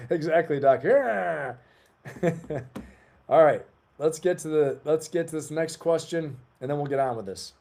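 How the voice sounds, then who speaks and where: A man's voice: fairly high pitch, takes it slowly, vocal fry, long pauses, a little mellow. A man in his forties hosting a live stream, chatting loosely and rambling as he talks to his viewers. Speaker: livestream host. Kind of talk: casual live-stream chat.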